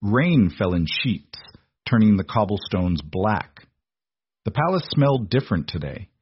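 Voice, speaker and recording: A man reading a story aloud in a measured, dramatic narration. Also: lowish voice, very animated, slight background noise. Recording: dull lo-fi recording.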